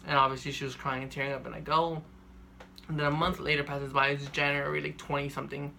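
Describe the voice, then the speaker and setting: A young man telling a personal story in a monotone that rambles and leans on filler words. His voice sits a little high, with a gravelly, bright, tense edge. Faint noise hums underneath. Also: fast. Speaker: vlogger.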